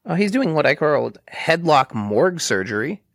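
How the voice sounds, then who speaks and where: A man's voice: on the high side, sing-song, moderate pace, no echo, clean studio sound. A man with a Boston accent co-hosting a podcast in casual movie-review chat, joking and playful. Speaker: podcast co-host.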